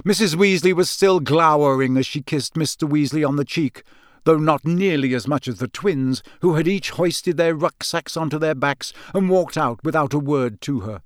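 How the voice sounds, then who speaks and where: A man narrating a storybook in a measured, expressive way. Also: fairly high pitch, dry recording, studio quality. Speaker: audiobook narrator. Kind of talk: scripted narration.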